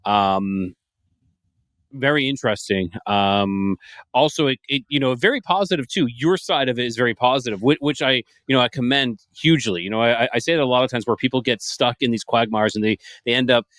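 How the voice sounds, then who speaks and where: Podcast host guy, stammers a lot, mid pitch, dry close sound. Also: a bit bright, dry recording. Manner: halting, stammers and restarts, praising the guest. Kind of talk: casual interview talk.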